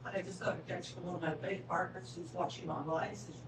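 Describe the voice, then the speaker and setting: A man's voice: sits high, level tone, brisk. A man in the audience of a town hall meeting, passing on messages with offhand, teasing remarks. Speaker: audience member relaying online messages. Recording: echoey room, distant mic, background noise.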